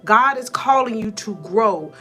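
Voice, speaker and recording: A woman's voice: on the high side, animated, a little slow, fairly bright tone, faint music behind. A woman in her thirties from North Georgia with a Georgia Southern accent, giving a motivational live-stream talk from her room. She greets viewers with sweet endearments and laughs often. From North Georgia, USA. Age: 30s. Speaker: motivational coach.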